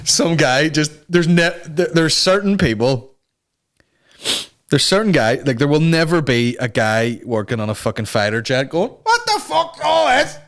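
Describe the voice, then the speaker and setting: A man's voice: fairly high pitch, expressive, measured pace, a bit bright. A man hosting a comedy podcast, ranting casually with lots of swearing and rambling asides. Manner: sweary, rambling, slips into mock voices. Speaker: podcast host.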